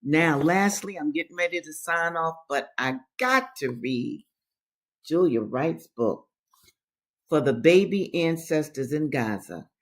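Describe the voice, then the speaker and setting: Woman host reading to her listeners, slow and deliberate, hammers words by repeating them. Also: low voice, lively intonation. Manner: emphatic, repeats phrases for stress; addresses listeners directly as brothers and sisters. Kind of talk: livestream reading and commentary.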